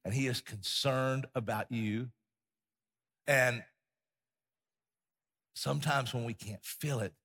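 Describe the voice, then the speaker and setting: A man preaching a sermon as pastor, passionate and repetitive, swinging between loud declarations and soft, hushed passages. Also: mid-range voice, breathy edge. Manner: impassioned, repeats phrases for emphasis, drops to a hush.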